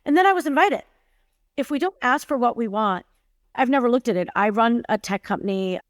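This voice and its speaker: A woman's voice: fairly high pitch, animated, fairly quick, dry recording. Emphatic woman telling her story, dry close sound. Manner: emphatic, acts out quoted dialogue in her stories. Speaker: guest, tech company CEO. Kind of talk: candid conversational storytelling.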